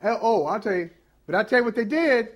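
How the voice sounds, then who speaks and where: A man's voice: sits high, expressive, fairly quick, dull audio. A man hosting a sports talk show, reacting with laughs and steering the segments in a casual way.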